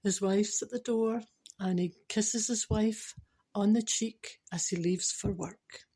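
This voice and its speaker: Scottish woman as a complaining wife, husky, pointed. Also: medium pitch, steady tone, slow, dark tone. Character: wife needling her husband.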